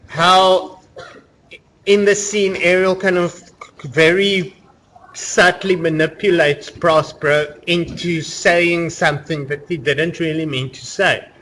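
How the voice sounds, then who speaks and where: A man lectures to a class in a relaxed, talky way, circling back with "you know" and "kind of". His voice sits a little high for a man. A faint room noise runs under the recording. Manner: conversational, explaining with many fillers. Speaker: university lecturer.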